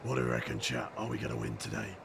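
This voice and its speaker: A man putting on a gruff aged-up voice. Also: sing-song, fast, noisy background, heavily acted. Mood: mock-serious. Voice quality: low, strained gravelly voice.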